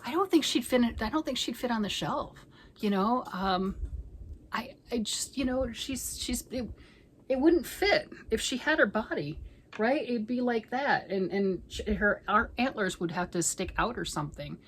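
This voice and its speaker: A middle-aged woman vlogging at home about knitting, chatting in a rambling way and often sinking into a soft near-whisper. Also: a little high, a little slow, slight background noise, low-quality recording. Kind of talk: casual chat.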